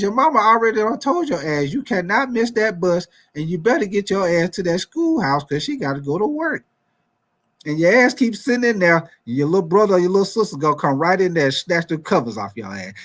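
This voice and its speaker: A man's voice: high-pitched, fairly quick. A man hosting a casual sports talk show, talking energetically and calling out to his viewers. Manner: energetic, repetitive, calls out to viewers with 'y'all' and 'man'.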